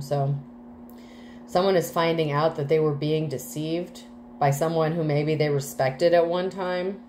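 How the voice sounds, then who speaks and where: A woman's voice: low-pitched, fairly even intonation, a little slow, darkish tone, slight background noise, rough recording. A woman doing a casual tarot reading, chatty and full of fillers, with some casual swearing. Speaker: tarot reader.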